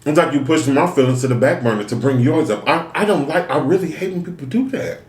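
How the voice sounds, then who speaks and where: This man's fairly high voice moves fast and echoes with a roomy sound. He's a mukbang vlogger eating on camera in a room, venting to his viewers in a casual chat full of rhetorical questions.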